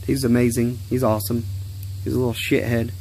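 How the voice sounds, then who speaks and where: Man, young adult, gravelly voice, rambling profane vlog rant, outdoors, faint insects behind. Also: medium pitch, flat delivery, a little fast, a little mellow, slight background noise. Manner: rambling, profane, easily irritated. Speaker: vlogger. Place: outdoors in a yard.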